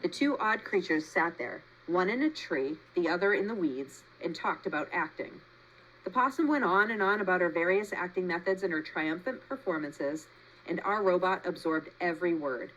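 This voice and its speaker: A woman reading a children's book aloud with expressive storytelling, as a teacher. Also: on the low side, moderate pace, highs cut off.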